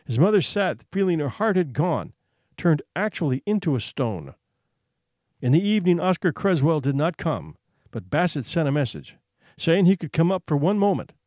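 Expressive male storyteller, dry close sound. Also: on the high side, no echo. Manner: expressive, builds suspense with hushed pauses. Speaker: narrator. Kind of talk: dramatic story reading.

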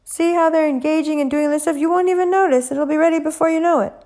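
A woman's voice: high-pitched, fairly even intonation, fast talker, darkish tone, pitched above the performer's own voice, lightly acted. A woman voicing an exasperated male master chef who curses and shoos people away. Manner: impatient, cursing.

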